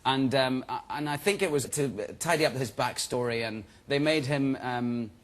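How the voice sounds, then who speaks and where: A man in his thirties, guest on a chat show, telling stories in a relaxed, chatty way and laughing as he goes. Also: mid-range voice, normal speed. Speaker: guest actor. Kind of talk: casual chat-show interview.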